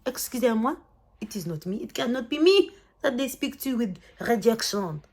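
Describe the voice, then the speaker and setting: A woman doing an affronted young diva in a showy mock-French accent, high, loud and theatrical. She sounds haughty and wounded, her voice pitched well above her usual register. Her delivery is full of exaggerated drama. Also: animated, normal speed. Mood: indignant.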